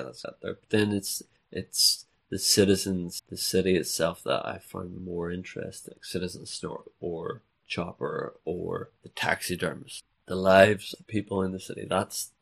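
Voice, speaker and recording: A man's voice: low voice, vocal fry. A man hosting his own podcast, chatting and joking in a rambling monologue. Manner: chatty, self-interrupting, jokey. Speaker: podcast host.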